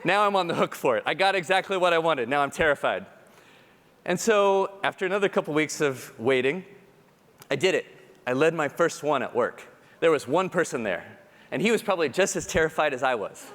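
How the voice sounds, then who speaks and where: A man giving a keynote talk, telling personal stories in an animated, self-deprecating way and acting out the people he quotes. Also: on the high side, a little fast. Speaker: conference speaker. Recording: long hall reverb.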